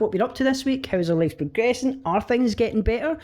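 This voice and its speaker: A man's voice: extremely high pitch, expressive, fairly quick, a little mellow. A man with a Scottish accent hosting a casual podcast, joking around, swearing and laughing often. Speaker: podcast host.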